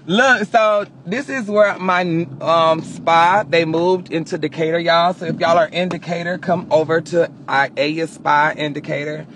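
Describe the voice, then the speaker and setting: Man, high-pitched, loud profane joking, casual car vlog, road noise. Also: fairly even intonation, measured pace, few pauses. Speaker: vlogger. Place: inside a car.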